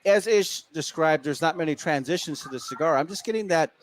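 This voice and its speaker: A man hosting a casual tasting chat, describing flavors in a relaxed way. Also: on the high side, brisk, slight background noise. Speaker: host.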